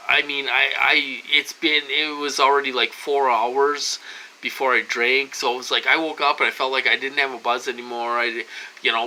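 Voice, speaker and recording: A man in his forties talking straight to his viewers in a rambling casual vlog, full of restarts and asides to "you guys", turning loud and agitated when a story heats up. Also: medium pitch, rough recording. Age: 40s. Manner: gets loud and agitated when retelling a confrontation. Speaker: vlogger.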